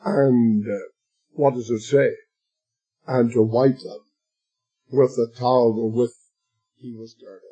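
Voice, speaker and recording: A man preaching a sermon, slow and emphatic, addressing his listeners as beloved and swelling to shouts at the climaxes. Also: medium pitch, flat delivery, slightly rough, rough recording.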